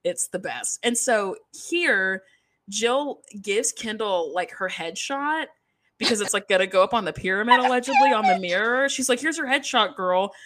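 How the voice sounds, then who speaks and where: A young woman hosting a podcast in casual chat, animated and gossipy, acting out quotes in jumpy voices. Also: moderate pace. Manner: animated, gossipy, acts out quotes with pitch jumps. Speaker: podcast host.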